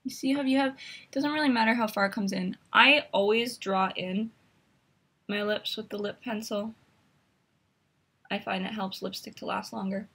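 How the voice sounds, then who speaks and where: A woman's voice: medium pitch, steady tone, normal speed, long pauses, fairly bright tone, breathy edge. A woman hosting a makeup tutorial, chatty and instructive as she talks through each step while demonstrating.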